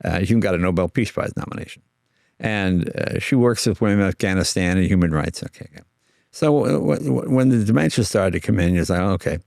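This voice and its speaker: A man's voice: deep voice, fast, creaky, darkish tone, no echo, studio quality. An older man telling anecdotes in a casual interview, slipping into voices for the people in his stories, with stammers and restarts. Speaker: guest.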